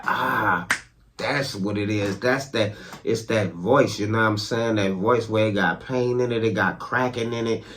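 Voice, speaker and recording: Male podcast host, somewhat low-voiced, casual rambling commentary, lots of slang and listener check-ins. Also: fairly bright tone. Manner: rambling, with restarts.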